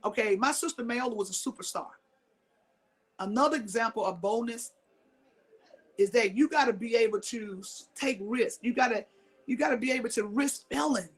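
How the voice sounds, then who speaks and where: A woman's voice: a little high, moderate pace, husky. A middle-aged woman from Mississippi giving a motivational talk, emphatic, repeating her key lines and throwing questions at the audience. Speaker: motivational speaker.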